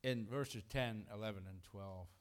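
A middle-aged man preaching a sermon in a conversational, animated way, acting out quotes and chuckling between points. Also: on the low side, measured pace.

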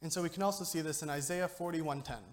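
Talking fast in a fairly high voice, a young man gives a joking, conversational youth sermon as a lay speaker, frequently checking on his listeners with "okay?"

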